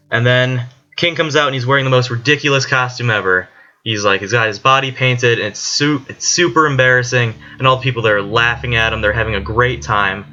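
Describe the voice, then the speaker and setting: A man's voice: mid-range voice, pushed and bright. A man, a student, giving a casual spoken summary of a book chapter, rambling along with many "like" fillers. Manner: rambling retelling full of "like" fillers. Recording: dull lo-fi recording with faint music.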